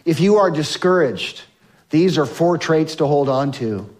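A male pastor preaching a sermon to his congregation on a microphone, swinging between loud emphasis and soft, slow lines. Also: a little high, expressive. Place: church sanctuary with congregation.

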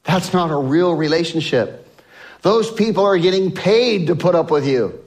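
A male pastor preaching a sermon to his congregation on a microphone, swinging between loud emphasis and soft, slow lines. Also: fairly high pitch, expressive. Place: church sanctuary with congregation.

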